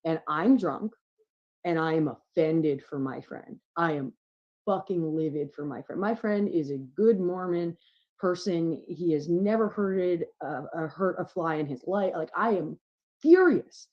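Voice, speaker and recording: Low-voiced woman telling a candid story. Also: a little slow, muffled recording. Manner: candid, swearing, animated storytelling. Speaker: podcast guest. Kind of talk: casual storytelling chat.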